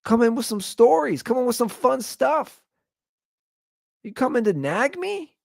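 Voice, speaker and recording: Man, podcast host, casual comedic storytelling, jumps into high quoted voices, dry sound. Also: very animated, unhurried, vocal fry, dry recording.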